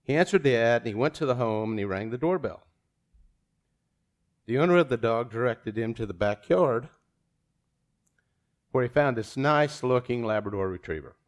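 Brief: lay preacher, casual sermon in church, jokey asides, average pitch. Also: male voice, lively intonation, moderate pace, long pauses. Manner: casual, self-deprecating, chuckling asides.

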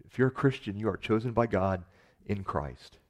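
A man preaching a sermon in an earnest manner, building to emphatic rises and sinking to soft, quiet endings. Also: lowish voice, expressive, moderate pace. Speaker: pastor.

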